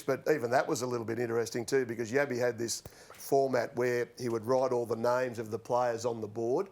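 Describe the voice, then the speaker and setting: An Australian man in his sixties, a former footballer, telling relaxed stories on a panel show and laughing at his own anecdotes. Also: medium pitch. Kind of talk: casual storytelling on a TV panel show.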